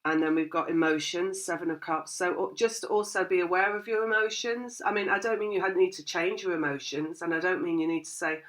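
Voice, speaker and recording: A woman's voice: fairly low pitch, fairly even intonation, a little fast, few pauses, a bit bright. A woman giving a casual, rambling tarot reading, laughing often and acting out her listeners' thoughts. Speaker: tarot reader.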